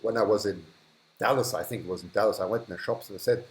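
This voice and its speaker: A man's voice: on the low side, fast talker, poor audio. A man hosting a live stream from a hot, humid indoor room, chatting casually as he reads and thanks viewers, often restarting sentences and chuckling. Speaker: livestream host.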